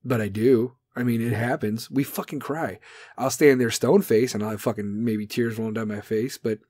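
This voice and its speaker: A man hosting a talk show, ranting in a brash, profane, comedic way and now and then dropping into mocking high voices. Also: fairly even intonation, moderate pace, a little mellow, dry recording. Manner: brash, swearing, swings into mocking falsetto bits. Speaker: podcast host.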